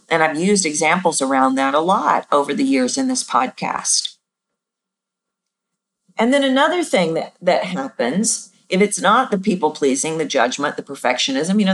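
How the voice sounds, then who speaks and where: A middle-aged woman talks through voice coaching as a podcast host, in a casual, explaining way. Her natural voice sits low, but her pitch swings widely as she acts out examples. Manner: animated, demonstrates voices by jumping pitch. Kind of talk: casual teaching monologue.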